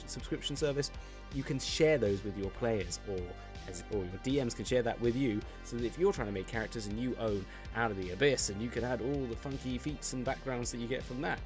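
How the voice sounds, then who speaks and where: A game master who talks in a chatty, wandering way and laughs at his own tangents. His voice sits at an ordinary middle pitch for a man. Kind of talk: actual-play narration and sponsor read.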